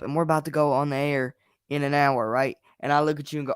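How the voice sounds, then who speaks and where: A man's voice: fairly high pitch, steady tone, brisk, clear, resonant tone, no echo, studio quality. Frustrated young man venting on a podcast. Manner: frank, venting, emphatic. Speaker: wrestling show host. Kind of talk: casual chat.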